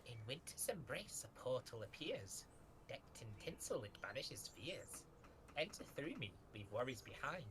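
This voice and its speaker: A man's voice: medium pitch, very animated, moderate pace, noisy background, lightly acted. A man doing tall bell-hatted game-loving creatures. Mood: sing-songy whisper. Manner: sing-songy whisper, playful.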